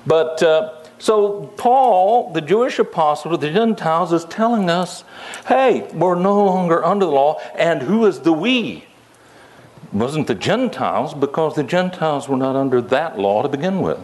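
A man's voice: on the high side, lively intonation, moderate pace, a little mellow. An older man teaching the Bible in a folksy, conversational way, with many fillers and asides.

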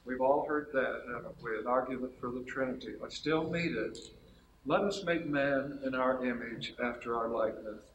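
A man's voice: mid-range voice, moderate pace, roomy sound, muffled recording, a little hiss or hum. A man giving a lecture-style Bible teaching to a gathered group, laying out numbered points methodically and correcting himself as he goes. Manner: methodical, enumerates points, frequent self-corrections. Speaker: speaker giving a Bible talk.

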